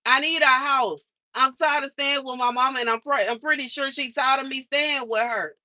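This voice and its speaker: A woman's voice: high voice, steady tone, normal speed, bright, forceful tone, dry recording. A woman vlogger venting in an exasperated monologue, repeating herself for emphasis. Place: outside her mother's house.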